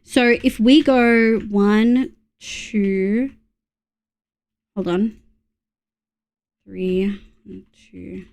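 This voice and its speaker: A woman's voice: medium pitch, fairly even intonation, extremely slow, pauses often, darkish tone. A young woman with an Australian accent, chatting casually to her viewers while she plays a game, muttering to herself and swearing when something annoys her. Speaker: streamer. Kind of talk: casual live-stream chat while gaming.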